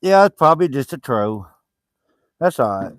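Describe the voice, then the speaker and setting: Sitting by a fire for a casual outdoor livestream about homesteading, this Arkansas co-host in his fifties talks in a folksy, relaxed Southern way and laughs readily. His mid-range voice has big pitch swings at a normal speed. The audio is clean, studio-quality, and echo-free.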